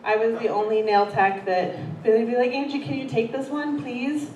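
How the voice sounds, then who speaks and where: A woman with a slightly high voice works through a crude, self-mocking stand-up set on a comedy theater stage. She is heard from a distance in a roomy hall, with steady noise behind her. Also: normal speed. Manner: profane, self-deprecating, laughing through stories.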